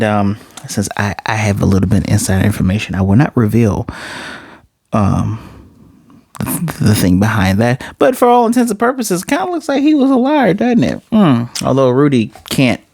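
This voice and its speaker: A man's voice: fairly low pitch, gravelly, a little mellow, husky, no echo, studio quality. A man casually recapping and reviewing an anime episode, rambling, correcting himself as he goes, blunt and sometimes profane.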